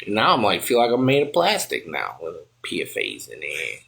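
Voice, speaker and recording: A man telling a wild comedic tall tale in rambling, ungrammatical, excitable bursts. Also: sits low, moderate pace, creaky. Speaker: comic storyteller. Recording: loud music behind. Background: loud music.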